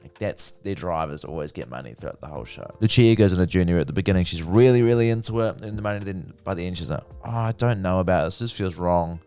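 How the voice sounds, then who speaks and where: A man's voice: deep voice, fast, creaky, hardly any pauses, soft background music. A man giving a casual, profane, chatty review of a TV series. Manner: chatty, profane, lively retelling. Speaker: TV review vlogger.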